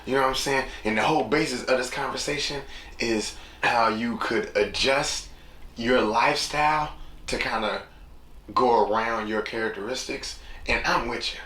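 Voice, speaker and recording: A man hosts a solo podcast in a loose, rambling way, acting out other people's lines as he goes. his voice sits at an ordinary pitch. the room is echoey, with steady noise in the background. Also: normal speed. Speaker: podcast host. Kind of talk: casual solo podcast monologue.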